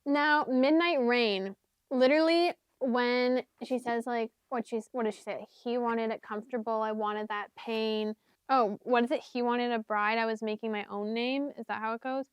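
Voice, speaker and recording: A woman's voice: fairly high pitch, steady tone, moderate pace, smooth, no echo. A young woman talking casually about books and songs for her vlog, rambling with lots of fillers and sometimes half-singing lyrics. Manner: chatty, rambling, many fillers and "like"s. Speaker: book vlogger. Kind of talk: casual chat.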